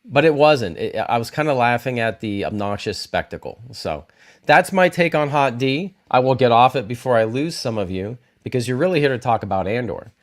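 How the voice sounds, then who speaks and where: A man in the middle of a casual livestream, talking loosely and animatedly. He keeps correcting himself and wanders between points. His voice sits at an ordinary middle pitch. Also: moderate pace. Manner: rambling, self-correcting, animated. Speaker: YouTube host reviewing TV shows.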